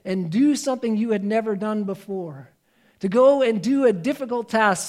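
High-voiced earnest male preacher. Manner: earnest, emphatic, shifting between raised and hushed delivery. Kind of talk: sermon.

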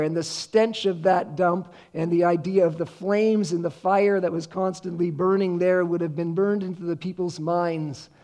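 Earnest high-voiced male preacher. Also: darkish tone. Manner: earnest, preaching with slow emphatic scripture readings. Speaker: pastor. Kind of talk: sermon.

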